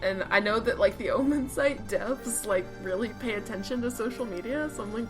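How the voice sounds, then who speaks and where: A woman's voice: on the high side, brisk, over music, poor audio. A woman co-hosting a podcast in casual chat, opinionated and talkative. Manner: opinionated, chatty. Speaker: podcast co-host.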